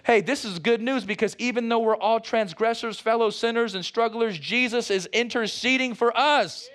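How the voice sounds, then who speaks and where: Male pastor mid-sermon; high-set voice, lively and joking, keeps calling out to the church. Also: moderate pace. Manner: animated preaching with playful asides; calls out to the congregation.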